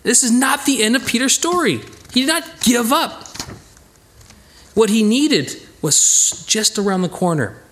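A man teaching a casual Bible study, who talks in a lively way and acts out the people in the story. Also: extremely high pitch, unhurried, a little hiss or hum. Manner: animated, acts out voices of the characters.

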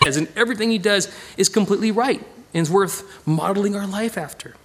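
A man teaching a casual Bible study, animated and digressive, chuckling as he goes. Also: high-pitched, brisk, a little hiss or hum.

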